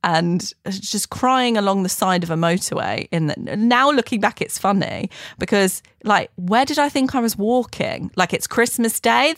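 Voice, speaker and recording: A woman's voice: mid-range voice, creaky, fairly bright tone, no echo, clean studio sound. A woman hosting a podcast, chatting casually and laughing as she tells a personal story. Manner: chatty, laughs while telling stories. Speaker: podcast host.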